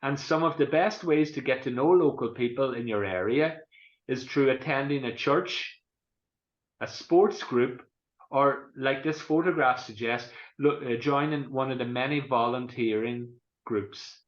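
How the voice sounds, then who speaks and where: An Irishman from Donegal chats his way through an online talk, wandering off and restarting sentences as he goes. His voice sits at an ordinary middle pitch and comes over a video call. The sound is roomy and somewhat dull. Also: a little slow. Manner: rambling, chatty, frequent restarts. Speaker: guest presenter. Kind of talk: online cultural presentation.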